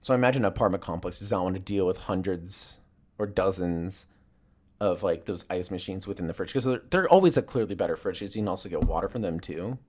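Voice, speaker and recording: Talking fast in a low voice, this man tells stories in a rambling, profane, comic rant that stays casual and animated.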